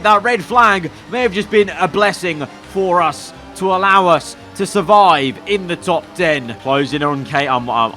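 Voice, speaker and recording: A young man, a gaming YouTuber, commentates his own racing gameplay. He swings between low muttering and excited shouting.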